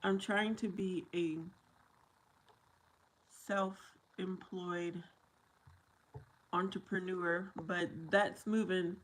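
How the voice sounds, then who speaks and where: A woman's voice: lowish voice, little pitch movement, very slow, long pauses, rough recording. A woman hosting a casual livestream from her kitchen while washing dishes, reading viewer comments aloud and laughing often. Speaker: livestream host.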